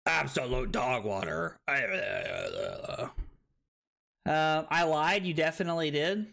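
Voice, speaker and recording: A tipsy man streaming a card game, loud and joking, laughing often as he chats with viewers. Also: fairly high pitch, very animated, takes it slowly, vocal fry. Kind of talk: rowdy livestream chat.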